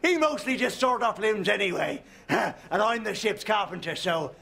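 A man's voice: high voice, animated, normal speed, vocal fry. A man playing a reckless carpenter posing as a ship's doctor. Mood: gleeful pirate. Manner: growling pirate talk, gleeful, loud.

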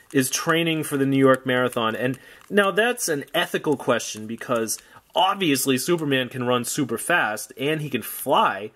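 A man talks loosely through an unboxing of old toys, his pitch sitting in an ordinary middle range. His commentary wanders, full of wry little jokes and offhand asides. The tone stays relaxed and unscripted throughout. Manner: rambling, wry, jokey asides. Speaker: toy collector vlogger.

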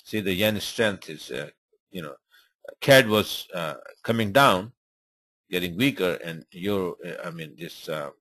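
A man with a deep, fairly bright voice gives casual live commentary on forex charts during a webinar. His English is loose and rambling, heavy with fillers, and the audio has no echo.

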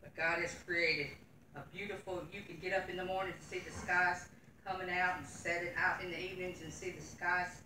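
A woman's voice: fairly low pitch, little pitch movement, a little fast, noisy background. A middle-aged woman, giving a Sunday school lesson in church in an earnest, folksy way, reading scripture aloud. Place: church room. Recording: echoey room from far off.

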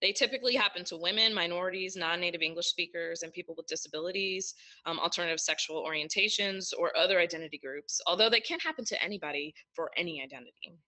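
A woman lecturer giving a recorded presentation, explaining terms in a measured, list-like way. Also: fairly low pitch, bright, forceful tone, low-quality recording. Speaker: university lecturer.

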